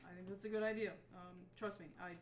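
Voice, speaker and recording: A woman's voice: medium pitch, steady tone, fast talker. A woman playing a tabletop role-playing game, speaking in character with a lot of hesitation and fillers. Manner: hesitant, filler-heavy, friendly. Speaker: tabletop player. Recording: echoey room, loud background noise.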